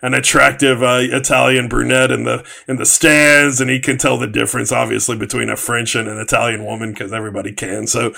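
Male co-host, very gravelly bright voice, joking sports banter. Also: medium pitch, little pitch movement, fairly quick, few pauses. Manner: joking, spins tall comic scenarios. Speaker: podcast co-host.

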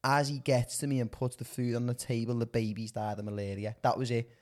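A man's voice: medium pitch, level tone, a little fast. A young man with a Northern English accent, telling a rambling, self-mocking story about a comedy gig. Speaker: comedian guest. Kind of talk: casual banter.

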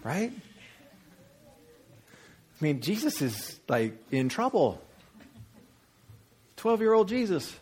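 A man preaching a sermon, animated and storytelling, acting out voices with big jumps in pitch. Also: takes it slowly, pauses often, breathy edge. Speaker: pastor.

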